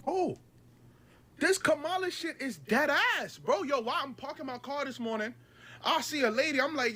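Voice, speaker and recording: Animated, bright-voiced New man ranting. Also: very high-pitched, normal speed. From New York. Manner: exasperated, profane street-slang rant. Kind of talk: ranting monologue.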